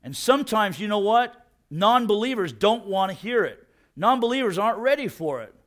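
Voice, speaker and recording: A middle-aged man giving a casual, energetic sermon, peppering his talk with "man" and asking "you know what?". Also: high-pitched, normal speed. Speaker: preacher.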